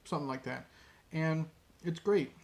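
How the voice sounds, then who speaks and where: A man giving a casual, rambling movie review, with many pauses and restarts, dropping his voice to quote lines. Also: fairly high pitch, darkish tone.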